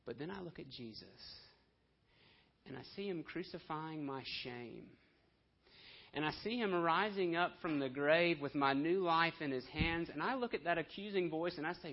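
Passionate man preaching, voice a bit high; muffled lo-fi sermon recording. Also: unhurried, pauses often. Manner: impassioned, swinging between soft hushed lines and loud emphatic ones. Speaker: pastor. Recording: dull lo-fi sermon audio.

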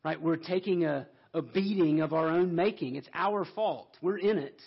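A man's voice: on the high side, moderate pace, creaky, slightly rough, muffled recording. A man preaching a sermon in an earnest way, pushing up into emphatic questions.

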